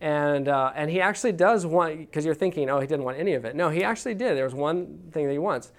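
A man's voice: fairly high pitch, quick pace. A man in his thirties giving a talk on parenting, telling a story about his own child and acting out what he said with small laughs. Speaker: speaker on parenting. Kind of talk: anecdotal teaching talk.

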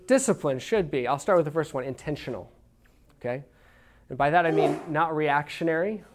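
Man, from Texas, church class teacher, folksy storytelling, frequent restarts, slightly high voice. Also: a little fast. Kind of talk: conversational teaching talk with stories.

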